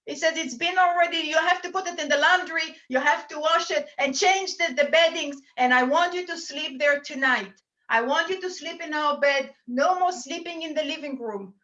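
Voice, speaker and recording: Woman medium on a lo-fi video call, high and bright, earnest, relays spirit messages in quotes. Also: normal speed. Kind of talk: mediumship reading at a church service.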